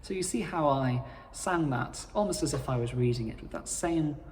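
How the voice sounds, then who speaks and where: A man explaining how to cantor psalms in a measured, formal instructional talk. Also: a little high, expressive, darkish tone, big-room sound, soft background music. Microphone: playing his own accompaniment.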